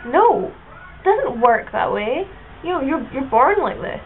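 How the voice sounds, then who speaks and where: A woman's voice: high voice, sing-song, measured pace. A seventeen-year-old girl chatting in a rambling, filler-heavy vlog. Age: teens, seventeen. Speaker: vlogger. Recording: tinny lo-fi camera audio with faint hiss.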